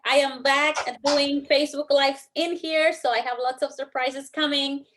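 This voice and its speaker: A woman hosts a casual live stream, her voice a little high. She talks in a friendly, chatty way, quick with thanks. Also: fairly even intonation, a bit bright, slight background noise. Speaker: host.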